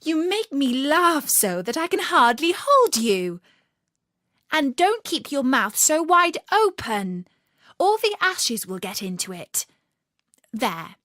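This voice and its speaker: A woman voicing Alice, a curious, kindly young girl who speaks gently and often in a hush. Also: sits high, big pitch swings, slow pace, dry recording, studio quality, voice pushed up, heavily acted. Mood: amused. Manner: gentle, often hushed and whispery.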